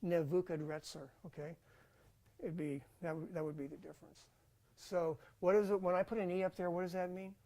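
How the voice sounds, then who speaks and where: A man's voice: sits high, steady tone, fairly quick, dark tone. A man teaching a Bible college class in a casual lecture style, thinking aloud with fillers and restarts.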